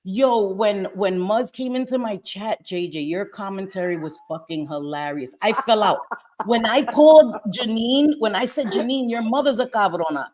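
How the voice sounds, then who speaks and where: A woman hosting a livestream in casual chat, brash, profane and animated. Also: mid-range voice, moderate pace. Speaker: livestream host. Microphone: streaming mic.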